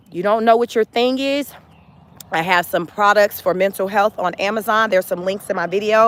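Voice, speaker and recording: A woman hosting a casual motivational livestream, talking emphatically, repeating phrases and laughing often. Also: medium pitch. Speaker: livestream host.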